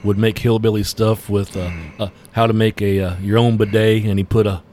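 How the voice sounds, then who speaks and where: A man with a fairly low voice, chatting loosely as one of the hosts of a podcast. He rambles through folksy stories, circling back and restarting his sentences. A faint hiss of noise sits under the recording. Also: flat delivery, fairly quick, dark tone. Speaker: podcast co-host. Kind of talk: casual chat.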